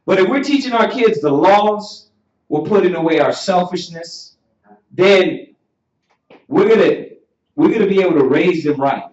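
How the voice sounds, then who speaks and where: A Southern US man with a high, expressive voice preaches emphatically in an echoey room, teaching a class like a sermon. He rises almost to shouting and draws out repeated questions. The audio is muffled and roomy, picked up from far off the mic.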